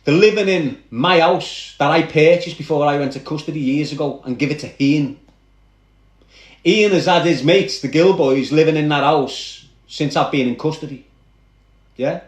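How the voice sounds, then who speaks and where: A man with a Liverpool accent tells a story from his past in a high, lively voice, speaking straight to the people listening. He sounds like he is in a roomy, echoing space. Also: moderate pace. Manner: animated, addresses listeners directly. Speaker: guest recounting his past. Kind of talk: dramatic first-person storytelling.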